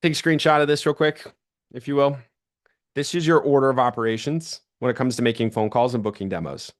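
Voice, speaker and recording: A man's voice: mid-range voice, brisk. A young man giving a sales training talk to an audience, telling stories and acting out the people he quotes. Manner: animated storytelling, acts out quoted voices.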